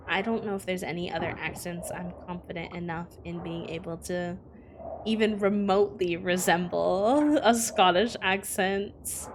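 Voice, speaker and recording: Rambling young woman streamer, noisy background. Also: lowish voice. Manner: rambling, self-correcting, lots of fillers. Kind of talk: casual live-stream chat. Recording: clear background noise.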